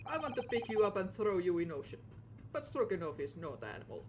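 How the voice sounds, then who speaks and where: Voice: mid-range voice, sing-song, fairly quick, background noise, natural voice. A streamer voicing a touchy, burly male ship crewman in a game, with a put-on Russian-style accent and clipped, broken phrasing. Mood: proud. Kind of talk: fan voice acting of a game.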